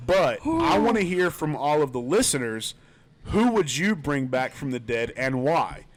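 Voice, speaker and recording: A man's voice: fairly high pitch, big pitch swings, unhurried. A young man co-hosting a casual podcast, talking in a goofy put-on British accent that slides into Australian. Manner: goofy, playfully theatrical. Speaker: podcast co-host. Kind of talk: joking casual podcast banter. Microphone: studio mic with headphones.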